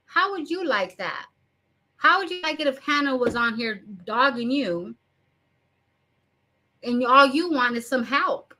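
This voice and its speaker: Bright-voiced woman ranting bluntly. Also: sits high, animated, unhurried. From Arizona. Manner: blunt, ranting, swears, mocking quoted voices. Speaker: commentary channel host. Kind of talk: casual commentary.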